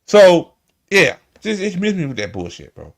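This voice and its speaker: A man's voice: high voice, big pitch swings, normal speed. A man hosting a live stream, ranting heatedly and swearing often as he reacts to a clip. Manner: emphatic, swears often, repeats himself. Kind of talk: heated profane rant.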